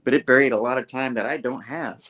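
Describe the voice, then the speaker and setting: A man hosting a casual comic book review show, retelling a story and jumping into quick character voices. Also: lo-fi sound. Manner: animated storyteller, jumps high for quoted characters.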